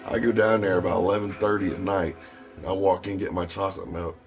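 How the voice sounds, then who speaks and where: A man's voice: low-pitched, fairly even intonation, fast talker, soft background music. A man from Ohio telling rambling personal stories in a casual, profane way. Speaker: stream host. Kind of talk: casual storytelling.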